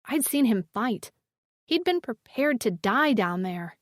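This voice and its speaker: A woman narrating a first-person fantasy romance audiobook with an expressive storytelling delivery. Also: a little high, unhurried, dry recording, studio quality.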